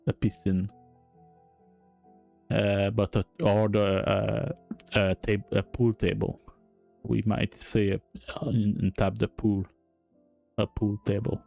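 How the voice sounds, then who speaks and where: French-accented man, slow halting coding talk, deep mellow voice, dull lo-fi audio, faint music. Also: vocal fry. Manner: halting, self-correcting, chuckling. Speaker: game developer streamer. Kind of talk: live-stream coding explanation.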